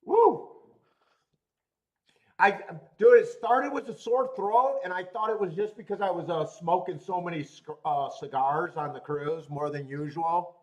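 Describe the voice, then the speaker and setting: A man's voice: high-pitched, a little slow. Rambling, profane man on a racing stream. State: congested from a cold. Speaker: horse racing show host. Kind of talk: casual live-stream chat.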